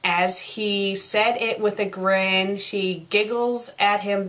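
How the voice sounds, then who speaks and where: A woman's voice: mid-range voice, steady tone, slow, hardly any pauses, fairly bright tone. A young woman reading a story aloud and mocking its errors with exasperated sarcasm. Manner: exasperated, sarcastic, rants at mistakes. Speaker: fanfic reviewer. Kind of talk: comedic review reading.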